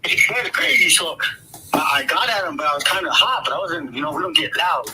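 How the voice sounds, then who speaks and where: A man's voice: high-pitched, lively intonation, quick pace, very noisy. A man telling a long, rambling personal story in casual talk, swearing freely and restarting his sentences. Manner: rambling, swears freely, laughs through tense moments. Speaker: guest storyteller.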